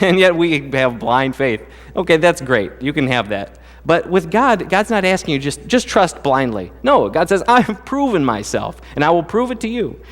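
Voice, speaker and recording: A pastor with a voice on the high side tells joking personal stories during a relaxed, conversational sermon. The large hall of the church sanctuary is audible around him.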